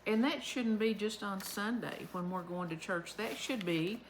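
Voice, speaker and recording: A woman's voice: mid-range voice, a little slow, slight background noise, rough recording. A woman giving a chatty, homespun devotional talk as the host of her own vlog, recorded at home.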